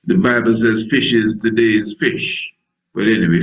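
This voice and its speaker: A man preaching a slow, unhurried sermon in a lowish voice. He wanders through folksy digressions and puns, and now and then voices the characters from scripture himself. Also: steady tone, a bit bright, rough recording. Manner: acts out biblical dialogue in voices. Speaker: priest.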